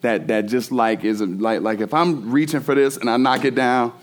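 A man with a mid-range voice preaches a sermon as a pastor, speaking at a moderate pace with fairly even intonation. He reads scripture, then talks animatedly, restarting phrases and acting out quotes.

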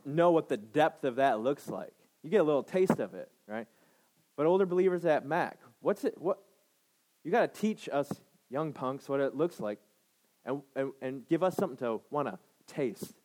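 Guy in his 30s preaching, keeps saying "right?", pushes his points hard, voice sits a bit high. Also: a little mellow. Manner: emphatic, repeats phrases, asks the congregation "right?". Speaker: pastor. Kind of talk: sermon.

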